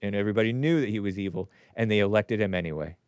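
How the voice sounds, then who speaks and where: Man, livestream host, casual commentary, reads viewer comments, chuckles, clean smooth voice, dry sound. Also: fairly low pitch, rapid-fire, a little mellow, no room sound. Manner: opinionated, chuckling, drifts into asides. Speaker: show host.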